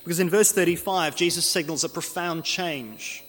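A man delivers an earnest, expository sermon and slows down deliberately when he reads scripture. His voice sits a little high for a man. It rings with the long reverb of a church hall. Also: fairly bright tone. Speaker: preacher.

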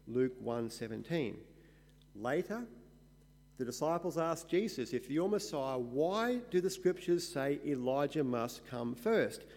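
A man with a fairly high voice teaches scripture verse by verse. He explains things emphatically and often stops to fill with "uh". His voice rings with the long reverb of a large hall. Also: darkish tone. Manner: explanatory, emphatic, with frequent "uh" fillers.

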